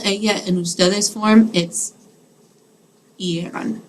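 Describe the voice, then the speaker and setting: Slow, patient woman teaching a class; mid-pitched, unhurried, light room hiss behind. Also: steady tone, poor audio. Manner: patient, explains step by step, checks in with "okay?". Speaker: Spanish teacher. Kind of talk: classroom grammar lesson.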